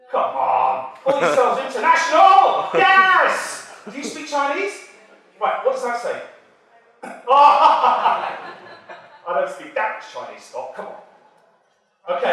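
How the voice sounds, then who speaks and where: A British man delivers an animated conference keynote in a high, bright-pitched voice, teasing and quizzing the crowd as he goes. The sound carries a heavy echo from the large hall. He stands a little back from the microphone. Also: recorded from a distance. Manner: animated, jokey, chatty with the audience. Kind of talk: energetic keynote talk. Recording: echoey hall, speaker off-mic.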